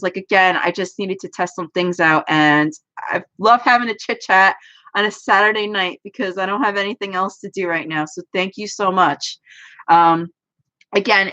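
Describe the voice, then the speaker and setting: A woman's voice: medium pitch, bright, forceful tone. A young woman chatting casually on a livestream from home. She talks in a rambling, self-deprecating way as an anime YouTuber. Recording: dull lo-fi stream audio.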